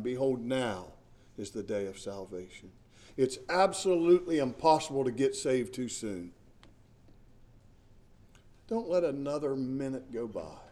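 A man's voice: mid-range voice, mellow. A middle-aged male pastor preaching a sermon in an earnest, emphatic way, often repeating words as he searches for the next phrase.

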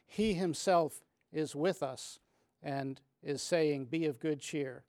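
A man with a slightly higher voice gives a calm, measured Bible study talk. He reads scripture aloud and explains it thoughtfully, with small pauses and restarts. The sound is dry and close. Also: no echo. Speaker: Bible teacher.

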